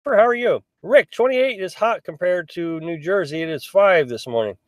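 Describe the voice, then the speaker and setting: A man's voice: high voice, expressive, normal speed, dry recording, studio quality. A middle-aged man hosting a casual live stream, reading out viewer comments and answering them in a chatty, rambling way. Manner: chatty, rambling, many restarts and fillers. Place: in a small pop-up camper.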